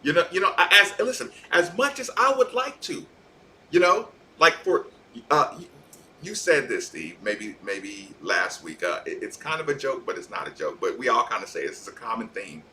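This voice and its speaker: Animated man, bright voice. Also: mid-range voice, normal speed. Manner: animated, repeats words as he restarts. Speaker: sports talk co-host. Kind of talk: casual sports talk.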